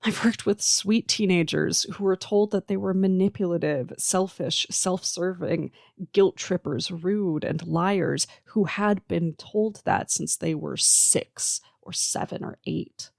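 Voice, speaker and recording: Solo podcast host, earnest and emphatic, gravelly fry in the voice, dry close sound, measured lists. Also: mid-range voice, no room sound. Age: adult. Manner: earnest, emphatic, listing points in slow measured runs. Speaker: podcast host who works with teens. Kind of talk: reflective solo podcast monologue.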